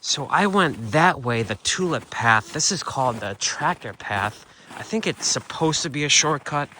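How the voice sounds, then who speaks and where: A man's voice: mid-range voice, lively intonation, moderate pace, sharp tone, a little hiss or hum. A man narrating a casual travel vlog to camera, thinking aloud in a loose, unsure, chatty way. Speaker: van-life vlogger.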